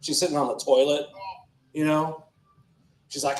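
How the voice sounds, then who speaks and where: A man's voice: mid-range voice, steady tone, measured pace, long pauses, darkish tone. A man doing a crude, rambling stand-up set at an open mic, often breaking off mid-sentence. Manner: rambling, crude, self-interrupting. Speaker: stand-up comedian. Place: comedy club stage. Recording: echoey club room.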